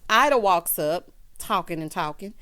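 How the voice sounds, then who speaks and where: A woman's voice: on the low side, expressive, moderate pace, pushed and bright. A young woman hosting a casual reality show recap, sassy and chatty, calling viewers honey and child. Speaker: YouTube recap host.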